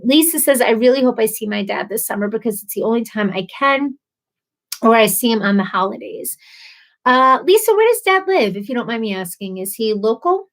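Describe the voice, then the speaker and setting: A woman in her thirties hosting a casual livestream, chatty and bubbly, laughing often as she reads comments. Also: on the high side. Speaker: livestream host.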